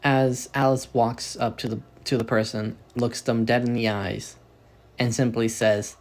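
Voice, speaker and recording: A man's voice: mid-range voice, measured pace. A man casually narrating a fan story, rambling and correcting himself as he goes. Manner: rambling, self-correcting, animated.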